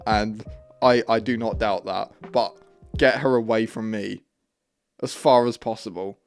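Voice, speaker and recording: A man's voice: lowish voice, fairly even intonation, a little slow, faint music behind. A man hosting a reaction video, swearing constantly and mocking what he hears in jokey rants, recorded on a studio microphone. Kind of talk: crude sarcastic commentary. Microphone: studio dynamic mic.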